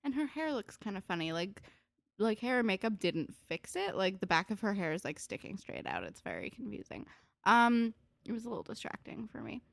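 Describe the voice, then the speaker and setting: Woman, casual co-host, sarcastic chatty recap, plain pitch, dry sound. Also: sing-song, brisk, gravelly, fairly bright tone, dry recording. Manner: chatty, sarcastic, swears, lots of "like".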